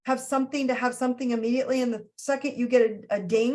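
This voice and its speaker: A woman hosting a spiritual astrology talk in an animated way, often slipping into playful character voices. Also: high-pitched, fast, hardly any pauses. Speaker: astrology host.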